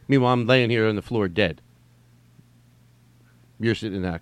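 A man's voice: lowish voice, normal speed, pauses often, clear, resonant tone, dry recording. Rambling, cursing man in a dry room. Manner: digressive, profane, repeats himself. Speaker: solo podcast host. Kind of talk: rambling casual monologue. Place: at home during quarantine.

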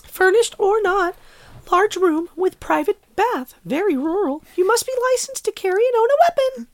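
A podcast host reading a room-for-rent ad aloud in a put-on, sing-song, very high happy voice. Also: animated, moderate pace. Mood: gleeful. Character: chirpy, overjoyed reader of a rural room ad.

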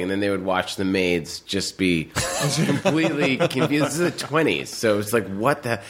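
Animated low-voiced man telling stories. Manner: animated storytelling, lots of fillers, laughing. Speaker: podcast guest. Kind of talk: casual chat.

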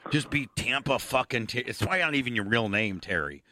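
A man's voice: mid-range voice, lively intonation, brisk, pushed and bright, a little hiss or hum. A man hosting his show, chatting casually and crudely, swearing constantly and bickering with his guests. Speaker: host.

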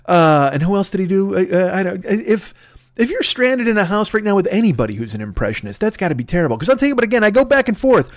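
A man's voice: high-pitched, big pitch swings, fast talker. A middle-aged man hosting a podcast from home, doing a profane, rambling, self-mocking comedic monologue. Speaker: podcast host.

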